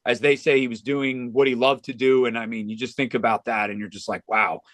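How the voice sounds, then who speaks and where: Male golf pro guest, sincere and chatty, with plenty of restarts, at a mid pitch in a dry, close recording. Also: flat delivery, brisk, dry recording. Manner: earnest, with frequent restarts and "you know". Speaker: golf club director of instruction, podcast guest. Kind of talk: heartfelt conversational storytelling.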